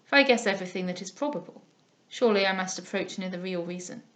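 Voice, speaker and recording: A woman reading aloud, voicing an elderly male guardian who speaks softly, mildly and solemnly. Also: mid-range voice, moderate pace, lightly acted. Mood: grave. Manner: soft, mild, solemn speech.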